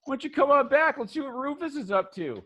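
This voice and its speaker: A man voicing an excitable young male tattoo artist, eager and chatty. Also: very high-pitched, fast, muffled recording, pitched above the performer's own voice, exaggerated voice. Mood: friendly.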